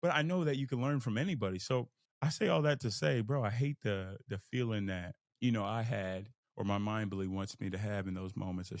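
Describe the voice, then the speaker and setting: Young guy on his podcast, gravelly, dry close sound, fired up and pep-talking. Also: lowish voice, a little fast, no room sound. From Fort Worth, Texas. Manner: animated, emphatic, acts out inner voices. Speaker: podcast host. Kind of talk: motivational monologue.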